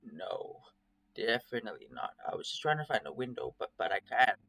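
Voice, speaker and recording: A man's voice: lowish voice, very animated, normal speed, creaky, husky, full character voice. A man doing a stammering nervous furry creature. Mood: confused. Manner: stammering, hushed, anxious. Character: nervous young male furry creature, jittery and confused.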